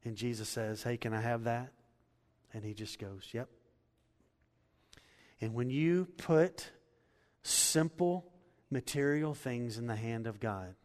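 A man preaching a sermon, telling a story in a lively way and building to loud, emphatic points. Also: lowish voice, long reverb tail. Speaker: pastor.

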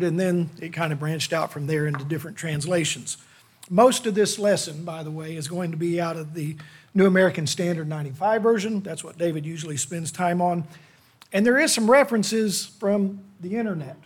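Folksy man preaching, husky high voice. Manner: folksy, self-deprecating, conversational. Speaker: lay preacher. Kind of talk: sermon. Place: church.

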